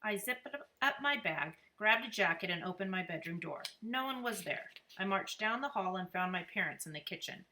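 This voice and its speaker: Bright-voiced woman reading a storybook. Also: fairly low pitch, moderate pace, few pauses. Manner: lively, expressive narration. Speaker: reader. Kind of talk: children's book read-aloud.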